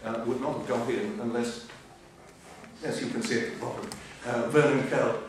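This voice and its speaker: An older man gives a history lecture in a lecture hall, filling it with ums and uhs and a dry sense of humour. His mid-range voice holds a steady tone at normal speed. The hall is echoey, he sounds far off, and there's a faint hiss.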